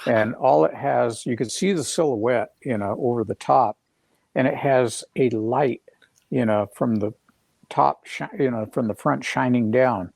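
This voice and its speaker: A middle-aged man telling a story as a guest on a live video call, rambling and halting with many fillers and restarts. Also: mid-range voice, gravelly, a little mellow, no room sound.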